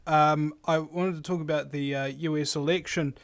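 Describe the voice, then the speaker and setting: A man's voice: a little high, fairly even intonation, moderate pace, clean tone. A man hosting a call-in radio show and ranting sarcastically, with frequent mild swearing. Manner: irreverent, sarcastic, swears freely. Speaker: radio host. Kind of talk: casual opinion rant.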